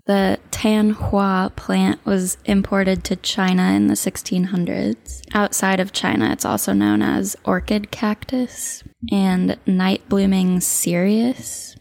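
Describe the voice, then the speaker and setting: Woman with a gravelly voice sharing trivia. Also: mid-range voice, takes it slowly, hardly any pauses, a little mellow, no echo. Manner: adds trivia and wry asides. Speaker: podcast co-host. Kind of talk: casual movie chat.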